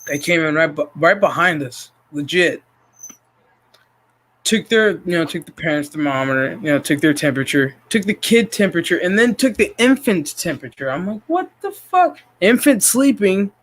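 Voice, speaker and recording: A woman hosting a casual chat stream, telling stories in a profane, animated way with lots of quoted dialogue. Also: low-pitched, moderate pace. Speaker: streamer host.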